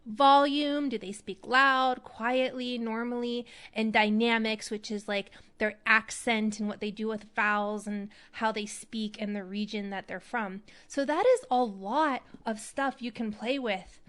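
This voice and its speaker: A woman hosting an acting advice show, talking in a chatty, animated way. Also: fairly high pitch, unhurried, hardly any pauses. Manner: chatty, animated, demonstrates voices. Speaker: podcast host.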